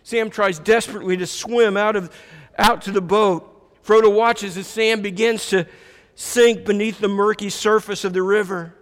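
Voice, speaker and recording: A man's voice: high voice, steady tone, normal speed. A man preaching a sermon, retelling a story reflectively with repeated phrases. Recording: echoey hall reverb.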